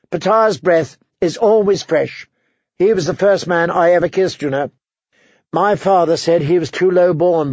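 A man voicing a bitter, self-pitying noblewoman who is sharp and suspicious, switching between wheedling and prying. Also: a little high, no room sound, dull audio.

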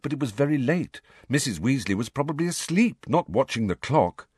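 A man's voice: medium pitch, a little fast, breathy edge, dry recording. A man narrating a fantasy novel as an audiobook reader. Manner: lively storytelling, dry close reading. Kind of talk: scripted narration.

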